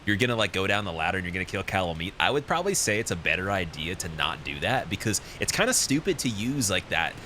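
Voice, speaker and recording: A man's voice: low-pitched, sing-song, fast, few pauses, pushed and bright, slight background noise, exaggerated voice. A man impersonating a friend, a cocky young male streamer with a breezy bro cadence.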